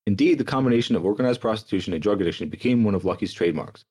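A young man hosting a podcast, reading history notes aloud with quick, sardonic asides. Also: on the low side, animated, dark tone, breathy edge. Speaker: podcast host.

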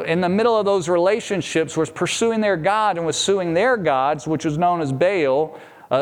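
A man preaching a sermon as a pastor, earnest and direct, often repeating a word as he restarts a phrase. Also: on the high side.

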